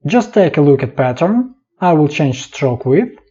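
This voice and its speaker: A man talks through a software tutorial slowly and calmly, one clipped step at a time. His voice is dark and a little husky, though his pitch moves a lot. The voice-over sounds dull and lo-fi. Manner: calm, instructive, short clipped steps.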